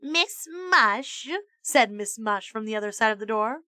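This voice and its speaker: A woman streamer reading a children's book aloud in an expressive storytelling voice, jumping into high character voices. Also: fairly quick, clear, resonant tone, dry recording.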